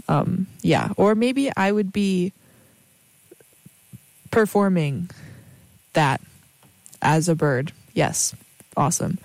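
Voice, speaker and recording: A woman's voice: medium pitch, a little mellow, no room sound. A young woman hosting a casual radio show, chatting in a rambling way with many fillers and asides between songs. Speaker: radio host.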